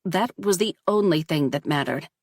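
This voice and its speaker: A woman reading a story aloud in steady, measured audiobook narration. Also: low-pitched, no echo, clean studio sound.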